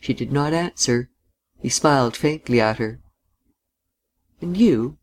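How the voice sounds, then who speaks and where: An audiobook narrator reading literary fiction in a measured, even manner. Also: mid-range voice. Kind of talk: scripted narration.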